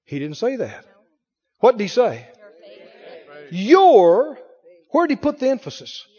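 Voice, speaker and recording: Sitting high with wildly swooping pitch, the pastor's voice is a little mellow, slightly rough and fairly quick. He preaches emphatically to a congregation in the sanctuary, voicing the story's people, captured with dull audio amid heavy church reverb.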